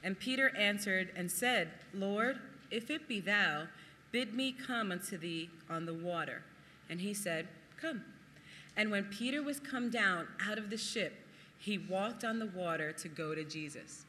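Preacher, lively sermon, very bright tone, long hall reverb. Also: mid-range voice, unhurried, slight background noise. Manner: animated, laughs often, acts out quotes. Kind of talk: sermon with Bible reading.

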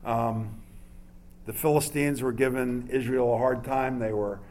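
A man's voice: mid-range voice, steady tone, measured pace, darkish tone. A man from New York preaching a sermon to a congregation in a conversational way, with many fillers and asides. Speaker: pastor.

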